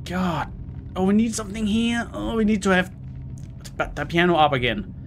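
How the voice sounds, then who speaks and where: A man's voice: sits high, lively intonation, moderate pace. A man with a Scandinavian accent, a gaming host muttering, groaning and swearing through a horror let's play. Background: game music.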